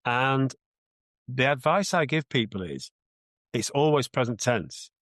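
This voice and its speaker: A man's voice: medium pitch, lively intonation, measured pace, fairly bright tone, no room sound. A man with a British accent, a mindset coach answering interview questions in an earnest, reflective way, often restarting his sentences.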